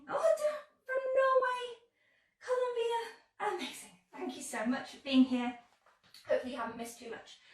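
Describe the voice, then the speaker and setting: A chatty, upbeat English woman hosts a live sewing tutorial while a little under the weather. Her voice sits fairly high. She sounds set back from the mic in a very echoey room. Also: recorded from a distance. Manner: chatty and upbeat, greets viewers warmly. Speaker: sewing brand ambassador hosting a live stream.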